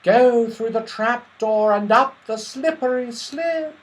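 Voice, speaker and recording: Male reader voicing the whispering trees of a storybook wood, hushed and airy. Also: very high-pitched, takes it slowly, pitched above the performer's own voice. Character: whispering ancient forest trees.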